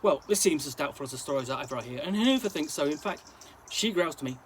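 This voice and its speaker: Brief: male reader with a high-pitched, very lively delivery, telling a slangy tale, with faint noise behind. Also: fast talker, hardly any pauses, low-quality recording. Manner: lively storytelling, now and then stumbling over words. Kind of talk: story reading in a present-tense gangster-slang voice.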